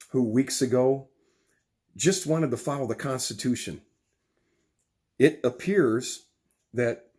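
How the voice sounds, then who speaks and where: A man's voice: medium pitch, a little mellow. A man hosting his own podcast, talking earnestly and emphatically about politics, with fillers and restarts. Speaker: podcast host. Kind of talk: solo political commentary.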